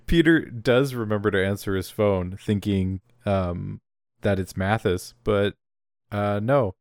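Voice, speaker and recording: A man's voice: fairly low pitch, slow, a little mellow, no echo, clean studio sound. A young man casually recapping a tabletop game, swearing and laughing as he acts out characters' lines. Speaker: player.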